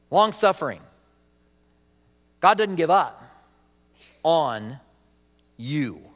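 Male pastor, slightly higher voice, dynamic sermon delivery with hushed asides, long hall reverb. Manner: dynamic preaching, swings from loud emphasis to soft, hushed lines.

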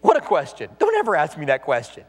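A man preaching a sermon as a pastor, animated, acting out the voices he quotes. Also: a little high, fast, husky, long reverb tail.

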